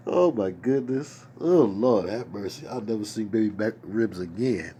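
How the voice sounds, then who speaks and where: A man's voice: on the low side, big pitch swings, takes it slowly, long pauses, warm tone, a little hiss or hum. A man hosting a casual stream from his desk, reading viewer comments aloud with exclamations and chatty asides. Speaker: host. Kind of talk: casual livestream chat. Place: at a desk at home.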